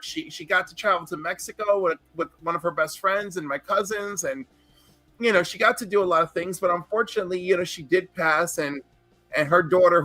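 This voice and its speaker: A man's voice: high voice, bright, forceful tone, no room sound. A man in casual podcast chat, telling a long personal story in a rambling, earnest way and swearing freely. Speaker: podcast co-host.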